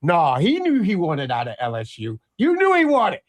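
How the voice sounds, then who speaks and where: Male sports radio host, high voice, lively pitch swings, emphatic. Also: normal speed. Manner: emphatic, animated, repeats phrases for effect. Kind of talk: casual sports talk debate. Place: radio studio.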